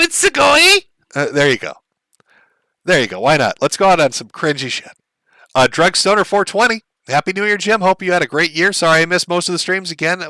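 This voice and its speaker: Bright-voiced wry male streamer. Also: a little high, no room sound. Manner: wry, laughs at his own jokes. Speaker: livestream host. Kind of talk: casual stream chat reading viewer messages aloud.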